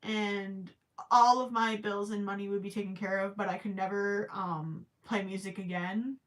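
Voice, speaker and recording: A woman's voice: mid-range voice, steady tone, normal speed. A woman hosting a crochet live stream, chatting casually and thinking aloud with stammering restarts, her voice cracking after hours of talking. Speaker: crochet livestream host.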